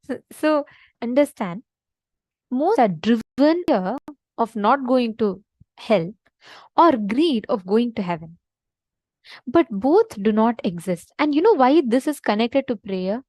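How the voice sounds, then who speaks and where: Woman spiritual teacher, earnest and emphatic, high voice, dry close sound. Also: animated, slow, long pauses, a little mellow, no room sound, low-quality recording. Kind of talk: devotional teaching session.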